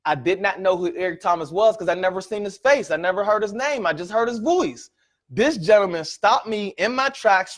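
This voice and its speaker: Male motivational speaker, fairly high voice, animated storyteller working the room. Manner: animated storytelling, repeated "right?" and "ladies and gentlemen". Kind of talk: presentation to an audience.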